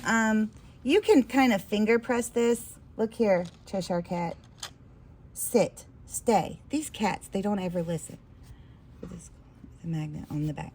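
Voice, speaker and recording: A woman walks viewers through a sewing project on a live stream, in a middle-pitched voice. She talks in a loose, chatty way, giggling often and teasing herself as she works. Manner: chatty and giggly, self-deprecating asides. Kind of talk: casual live sewing demonstration.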